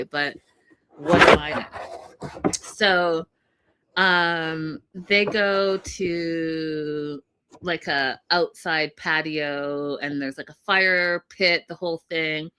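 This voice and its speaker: A chatty woman talks straight to her viewers as she recaps a reality show. Her voice is bright and sharp, and she laughs often. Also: low-pitched, fairly even intonation, extremely slow, slight background noise. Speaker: podcast co-host. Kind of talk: casual TV recap chat.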